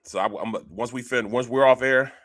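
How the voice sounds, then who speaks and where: A man's voice: medium pitch, steady tone, normal speed, a bit bright. Laid-back middle-aged man talking sports. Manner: laughs often, uses bro and man. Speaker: co-host. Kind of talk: casual sports talk.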